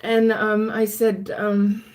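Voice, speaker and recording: Woman vlogger, earnest storyteller, halting delivery, mid-pitched voice. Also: monotone, a little mellow. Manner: halting, earnest, many restarts. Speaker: vlogger recounting her life. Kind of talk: personal storytelling.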